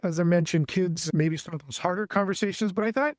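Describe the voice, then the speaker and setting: A man's voice: high voice, fast talker, dry recording. A man hosting a church family talk show, introducing his guests in a loose, friendly way. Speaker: host.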